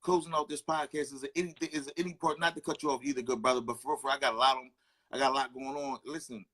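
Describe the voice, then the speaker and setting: Fast-talking friendly podcast host man. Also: mid-range voice, fairly even intonation, a bit bright. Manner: fast, friendly, calls guest "good brother". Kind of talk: casual podcast talk.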